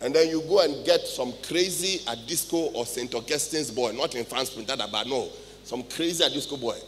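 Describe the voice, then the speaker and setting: A middle-aged Ghanaian man preaching a sermon in church, swinging between loud outbursts and hushed asides. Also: mid-range voice, normal speed, a little hiss or hum. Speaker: pastor. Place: church hall with congregation. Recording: live church recording with long reverb.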